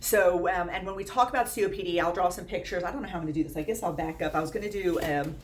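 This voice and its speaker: A woman's voice: fairly low pitch, fast talker, slight background noise. A woman in her thirties teaching nursing students in a casual, blunt way. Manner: blunt, lively, quotes students in put-on voices. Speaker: nursing instructor.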